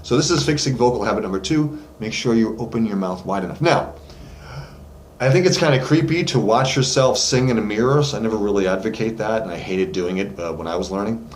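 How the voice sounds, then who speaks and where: A man's voice: fairly low pitch, brisk. A man giving a casual singing lesson from his voice studio, talking loosely with plenty of fillers. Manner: loose and chatty, many fillers, demonstrates with sung notes. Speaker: vocal coach. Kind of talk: casual vocal lesson to camera. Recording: echoey room, faint background noise.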